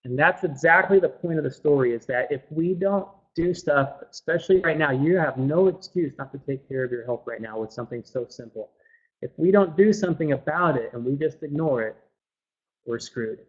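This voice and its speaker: A man giving a casual webinar talk through a computer mic, chatty and loose, repeating words and filling pauses with um. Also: fairly high pitch, lively intonation, husky. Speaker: webinar presenter. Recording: dull lo-fi webinar audio.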